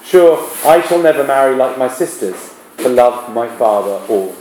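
A man's voice: medium pitch, animated, moderate pace, a little mellow, a little hiss or hum, close to an everyday voice. A man reading aloud the part of a firm, plain-spoken young royal woman, in an echoey classroom. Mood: measured.

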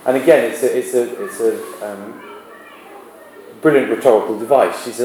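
A man's voice: mid-range voice, darkish tone, echoey room, a little hiss or hum, poor audio. A male literature teacher giving a classroom lesson, often restarting his sentences. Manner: halting, with many restarts and fillers.

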